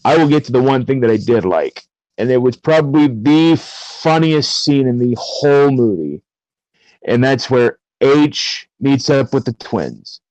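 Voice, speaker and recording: A man co-hosts a podcast in easygoing conversation, often pausing on "uh" and restarting his sentences. His voice has an ordinary pitch, and the recording is dry and close. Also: lively intonation, darkish tone, no echo, low-quality recording. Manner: hesitant, many "uh" and restarts. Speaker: podcast co-host. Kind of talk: casual chat.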